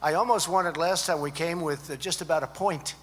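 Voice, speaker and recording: Fairly high-pitched and fairly quick, this man's voice has a fairly bright, slightly rough tone. He rambles through an unplanned speech at a student conference, repeating himself and tossing asides to the audience, captured in an echoey hall with a faint hum.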